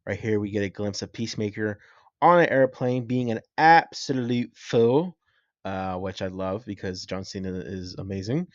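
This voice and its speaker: A comics and film reaction vlogger gives casual, enthusiastic commentary, rambling and swearing freely. His voice is lowish at a normal speed, with no room sound and the highs cut off.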